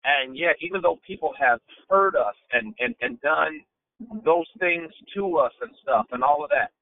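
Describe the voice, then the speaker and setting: A man's voice: on the high side, big pitch swings, moderate pace, vocal fry, no echo. A man, a pastor hosting a phone-in prayer call, talking in a preacherly way that keeps repeating and restarting phrases. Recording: phone-line audio.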